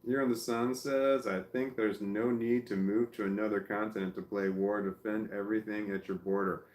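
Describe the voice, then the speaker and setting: A man with a fairly low voice reads viewer comments aloud on his livestream and reacts to them, swearing freely and flaring into angry rants. The sound is roomy and echoey. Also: fairly even intonation, moderate pace, a little mellow. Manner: swears a lot, flares into angry ranting. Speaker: livestream host reading chat. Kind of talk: casual livestream chat.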